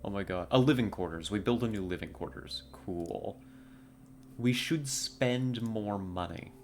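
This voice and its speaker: A man's voice: fairly low pitch, a little slow, a little mellow, a little hiss or hum. Rambling, laid-back male game streamer. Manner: chatty and rambling, laughing often at own jokes. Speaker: livestreamer. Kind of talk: casual gameplay chat while streaming.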